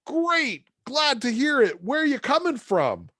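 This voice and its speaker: A man's voice: very high-pitched, big pitch swings, sharp tone, dry recording, clean studio sound, pitched above the performer's own voice, full character voice. A man playing a cheerful, chatty male office worker who answers a phone call and jokes with the caller. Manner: upbeat, joking, quick to offer advice.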